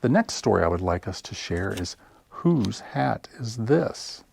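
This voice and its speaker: A children's librarian reading picture books aloud at story time, slow and expressive. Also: male voice, lowish voice, gravelly, slight background noise. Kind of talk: picture-book read-aloud.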